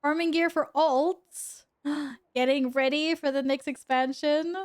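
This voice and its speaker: A woman's voice: high-pitched, steady tone, slow. A young woman chatting casually with her viewers while gaming at home, giggling and talking to her cat. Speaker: streamer. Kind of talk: casual gaming stream chat.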